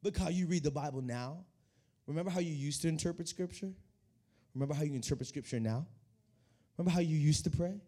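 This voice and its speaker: A young man preaching a lively sermon to a youth congregation, often repeating his words as he builds energy. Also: on the high side, quick pace, pauses often. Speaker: youth pastor. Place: church hall.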